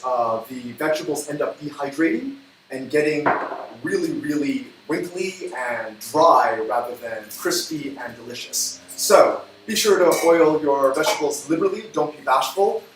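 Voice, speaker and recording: Chatty man in an echoey kitchen. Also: a little high. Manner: chatty, upbeat, quick asides. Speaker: cooking show host. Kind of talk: casual cooking livestream chat. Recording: echoey room from far off, faint noise.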